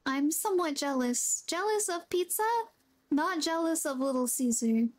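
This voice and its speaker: A woman with a high-sitting voice streams a video game at a normal pace, with no echo in the audio. She chats casually with viewers, reads their messages aloud, and warmly greets them by name.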